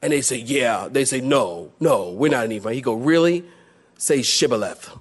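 A man preaching a sermon, animated and joking, acting out voices from the story. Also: medium pitch, normal speed, slightly rough. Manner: animated, laughs while preaching, acts out quoted voices. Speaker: pastor.

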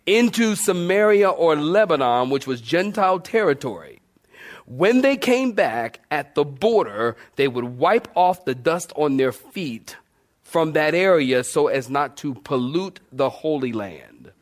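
A man preaching a sermon, telling a funny personal story and reading scripture, with lively repetition and questions to the congregation. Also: on the high side, measured pace. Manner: animated storyteller, repeats phrases, asks the congregation questions. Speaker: pastor.

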